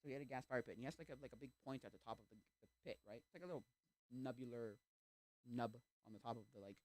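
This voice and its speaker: Talking very fast in a medium-pitched voice with no echo, this young man rambles casually on a livestream. He drifts from tangent to tangent, packs in fillers and performs the voices of people he quotes.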